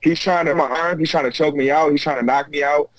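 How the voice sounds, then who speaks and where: An American man telling stories as a guest over a video call, animated and quick to act out what people said. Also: a little high, no echo. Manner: animated, acts out quotes, frequent restarts. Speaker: guest, UFC fighter. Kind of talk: casual storytelling chat. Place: remote video call from home.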